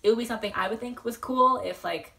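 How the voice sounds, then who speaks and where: A young woman telling a story as a vlogger, rambling and excitable, full of fillers. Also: fairly high pitch, quick pace, vocal fry. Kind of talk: casual storytelling. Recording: voice a bit far from the mic.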